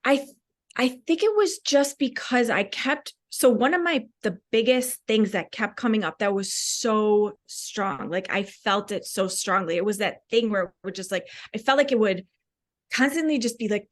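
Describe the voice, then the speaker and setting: Woman guest, open and reflective, casual chatty delivery, middle-pitched voice. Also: normal speed. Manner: candid, reflective, many "like" fillers. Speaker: podcast guest. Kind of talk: casual conversational interview.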